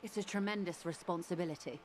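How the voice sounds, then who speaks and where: A woman's voice: on the low side, slight background noise, lightly acted. A woman voicing a poised corporate negotiator. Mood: measured. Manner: measured, articulate, formal. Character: composed corporate negotiator woman, middle-aged, measured. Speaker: game character. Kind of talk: video game voice acting.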